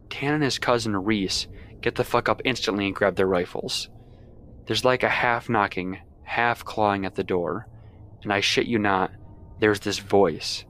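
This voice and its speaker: A young man with a somewhat low voice recounts a true-sounding horror tale in the first person. He talks casually and swears constantly, like a friend telling it late at night. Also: fairly bright tone. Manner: casual and heavily profane. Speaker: storyteller.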